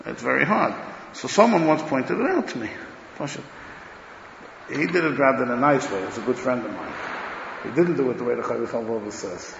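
A man giving a Torah lecture in an emphatic, loud way, swinging between declarations and muttered asides, recorded dull in an echoey hall. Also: mid-range voice, vocal fry, background noise. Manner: talks loudly, says he is hard of hearing. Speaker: rabbi giving a Torah class.

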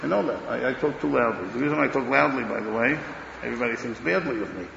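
A man giving a Torah lecture in an emphatic, loud way, swinging between declarations and muttered asides, recorded dull in an echoey hall. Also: medium pitch, fast talker, vocal fry, noisy background. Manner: talks loudly, says he is hard of hearing. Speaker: rabbi giving a Torah class.

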